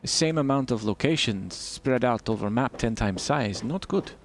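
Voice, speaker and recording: A man's voice: mid-range voice, lively intonation, normal speed, a little hiss or hum, close to an everyday voice. A man playing a nameless stranger with a put-on generic Eastern European accent and broken English, chatting while he games. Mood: opinionated. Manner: broken English, dropped articles, blunt opinions. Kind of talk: joking accent bit while gaming.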